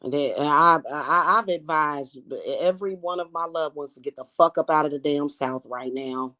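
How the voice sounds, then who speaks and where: With a deep, sharp voice at normal speed, a woman hosting a livestream launches into a heated rant. She swears frequently, repeats herself when riled and addresses her viewers as y'all.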